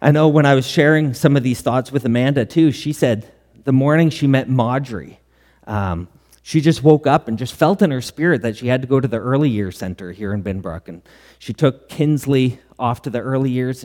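A middle-aged man preaching in a church hall, his voice trailing a long reverb. His pitch sits in the middle range for a man, and he tells stories in an earnest way with quoted dialogue. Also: moderate pace, darkish tone. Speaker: pastor. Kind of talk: sermon.

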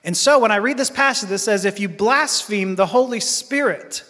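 A man with a high voice gives an earnest sermon built on his own story. He pauses and restarts his sentences often. His voice carries a long reverb, as in a large hall. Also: fairly bright tone. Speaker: preacher. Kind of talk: personal testimony sermon.

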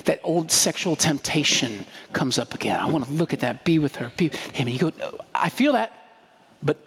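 Male preacher, high and a little husky, storytelling sermon style with rhetorical asides; long hall reverb. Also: animated, fairly quick. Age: adult with a young daughter. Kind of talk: conversational sermon.

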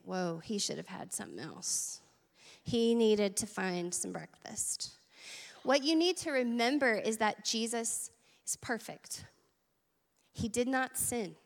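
A woman's voice: on the high side, long reverb tail. A woman preaching a sermon at church, earnest and conversational, with asides to the congregation. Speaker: teaching pastor.

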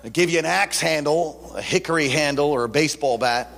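A man delivers a sermon in a fairly high voice, moving from casual storytelling to fervent preaching. His words ring out through a big hall with a long, lingering reverb. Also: fairly quick, gravelly, a bit bright. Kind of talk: sermon with personal testimony.

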